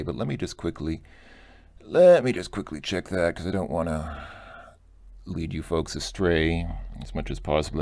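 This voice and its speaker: A man's voice: sits low, gravelly, a little mellow, no echo, studio quality. A man casually explaining a language lesson, chatty and joking, thinking aloud as he goes. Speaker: language teacher.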